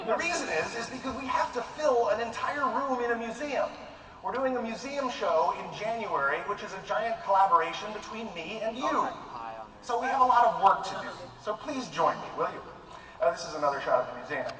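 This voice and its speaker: A man's voice: sits high, lively intonation, fairly quick, crowd noise. A man giving a casual, conversational, self-deprecating talk to a live audience in a large room. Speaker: speaker addressing a live audience. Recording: echoey hall, mic far off, noisy room ambience.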